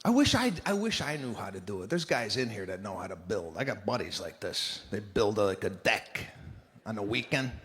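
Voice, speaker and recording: A middle-aged man doing a stand-up comedy set, telling stories in an exasperated, animated way and shouting his punchlines. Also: on the low side, a little fast.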